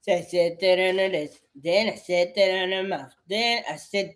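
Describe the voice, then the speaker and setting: A woman's voice: medium pitch, lively intonation, moderate pace. A woman talking in an agitated, profane, repetitive rambling way. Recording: echoey room.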